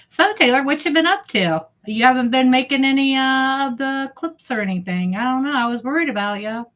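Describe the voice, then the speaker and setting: A woman's voice: high voice, animated, moderate pace. A middle-aged woman chatting casually on her livestream, heckling and giggling as she reads viewers' comments. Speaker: livestream host.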